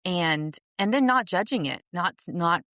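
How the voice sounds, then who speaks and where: A woman's voice: lowish voice, expressive, measured pace, fairly bright tone, no room sound, clean studio sound. Earnest, reflective woman on a podcast. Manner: earnest and reflective, many restarts, laughs easily. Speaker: podcast guest, author and coach. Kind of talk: casual interview conversation.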